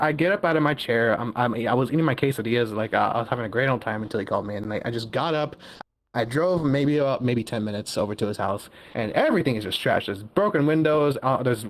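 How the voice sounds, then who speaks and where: A man's voice: medium pitch, slight background noise. Young man telling a story, laughing. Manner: laughs often, restarts phrases. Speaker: guest caller. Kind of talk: casual storytelling.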